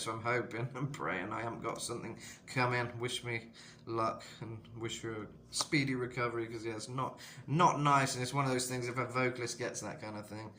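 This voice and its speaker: A man with a slightly rough throat giving a casual, rambling singing tutorial as a vocal coach, full of "you know". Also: medium pitch, pushed and bright, slight background noise. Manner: rambling, lots of "you know", jumps into sung demos.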